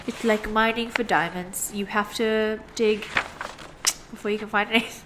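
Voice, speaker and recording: A woman's voice: mid-range voice, steady tone, moderate pace, noisy background. A young woman illustrator chatting casually to viewers while she sketches, rambling and full of "like" fillers. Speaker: illustrator and vlogger. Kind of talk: casual sketch-and-chat monologue. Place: home desk by a sunny window.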